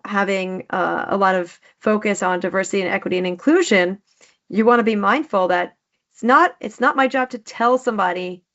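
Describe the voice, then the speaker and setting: A woman's voice: mid-range voice, fairly bright tone. Upbeat woman speech coach, lo-fi audio. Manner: enthusiastic, many restarts and fillers. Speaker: speech coach, podcast guest. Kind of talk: casual interview chat.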